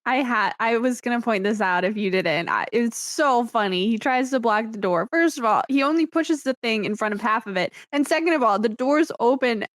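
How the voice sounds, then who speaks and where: A woman's voice: fairly high pitch, expressive, moderate pace, few pauses, dry recording. A woman guesting on a podcast, chatting casually with wry, understated remarks. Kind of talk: casual chat.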